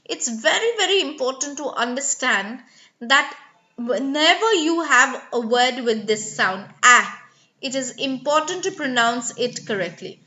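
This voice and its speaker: High slow-spoken woman teaching pronunciation. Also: lively intonation, bright, forceful tone, muffled recording. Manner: clearly enunciating model words; coaxing and praising students by name. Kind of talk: live online class instruction. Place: online live class.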